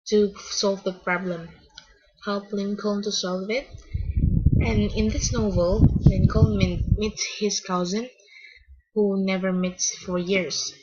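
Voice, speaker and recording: A woman talks through a book review slowly, stopping often to search for words and restarting her sentences. Her voice is a little breathy and unhurried. The recording sounds dull and lo-fi. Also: medium pitch, a little mellow. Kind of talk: casual spoken book review.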